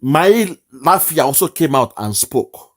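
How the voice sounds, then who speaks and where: A man's voice: on the high side, sing-song, slow pace. A man giving an impassioned political monologue, repeating phrases and slipping into pidgin. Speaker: political commentator.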